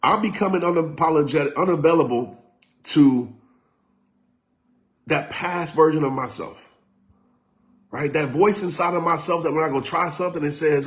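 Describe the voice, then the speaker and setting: A man giving a live-streamed motivational talk, preaching emphatically, repeating his points and sometimes shouting. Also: on the high side, normal speed, pauses often. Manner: talks directly to live viewers. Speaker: motivational speaker.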